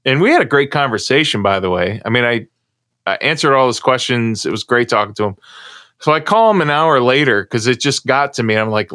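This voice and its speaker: Rambling American man, smooth dry voice. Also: medium pitch, brisk, sharp tone, no room sound. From United States. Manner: rambling storyteller. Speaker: podcast co-host. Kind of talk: casual chat.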